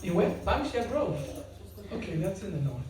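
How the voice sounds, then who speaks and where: With a sing-song, mid-range voice at ordinary speed, the devotional speaker quizzes and jokes with a laughing audience in a casual talk. Background noise is heavy, and the large hall's echo is strong since the mic sits far off.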